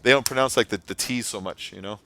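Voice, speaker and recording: A man's voice: on the low side, fast, pushed and bright, a little hiss or hum. A young American man chatting casually while hosting a game live stream, rambling and laughing at his own jokes. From United States. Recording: faint background music.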